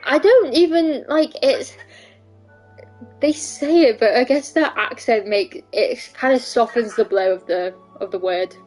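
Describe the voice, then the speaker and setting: In a casual live-stream chat, a young woman talks in an unhurried, rambling way, frequently starting over and dropping casual swear words. Her fairly high voice has a slightly mellow quality, faint music plays behind her, and the audio is poor.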